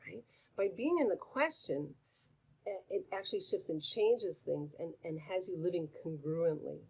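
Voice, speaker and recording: A middle-aged woman hosting a live stream, coaching in a chatty, animated way, greeting viewers by name and asking many questions. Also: fairly low pitch, moderate pace, creaky, breathy edge. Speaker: host answering viewer questions. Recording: dull lo-fi stream audio.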